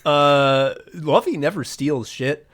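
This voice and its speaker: A man co-hosting a podcast, retelling a story in casual chat with lots of excited swearing. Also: a little high, takes it slowly. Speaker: podcast co-host.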